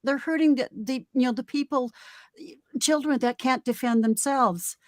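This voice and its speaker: A woman's voice: sits high, normal speed, no echo, clean studio sound. A woman from Canada, chatting casually on a video call as a tarot reader, emphatic, with many fillers and restarts. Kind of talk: casual group chat, tarot reading.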